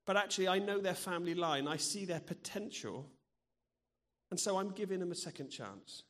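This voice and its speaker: Man, middle-aged, preaching a sermon, earnest, personal, slightly high voice. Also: animated, normal speed, a bit bright. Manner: earnest and personal, sharing stories from his own life.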